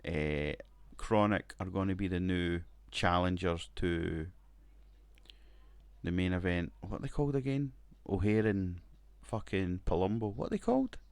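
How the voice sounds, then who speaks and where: A man's voice: sits low, unhurried, clean tone, no echo. A man casually commenting on his wrestling management game, rambling, swearing and laughing now and then. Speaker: gaming video creator.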